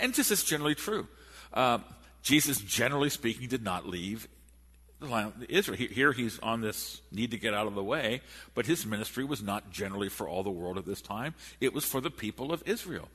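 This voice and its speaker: A man preaching a sermon in a church, animated and storytelling, with frequent restarts. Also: mid-range voice, husky. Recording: echoey hall.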